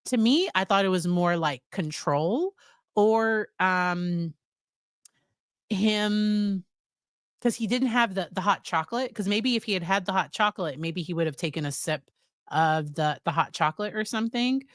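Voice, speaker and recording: A woman's voice: mid-range voice, a little slow, no echo, clean studio sound. An American woman psychologist casually recapping a series, chatty, with fillers and quoted lines. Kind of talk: casual spoken review.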